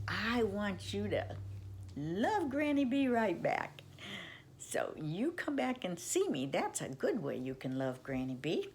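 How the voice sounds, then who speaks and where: Slow-reading older woman storyteller. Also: fairly low pitch, slight background noise. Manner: gentle, affectionate, speaks to children. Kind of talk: reading a children's story aloud.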